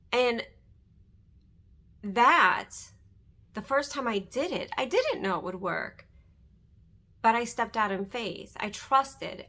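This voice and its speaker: A woman's voice: on the high side, sharp tone. A middle-aged woman earnestly talking about her faith and fear, often checking in with "right?". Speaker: host. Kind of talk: faith-centered personal testimony.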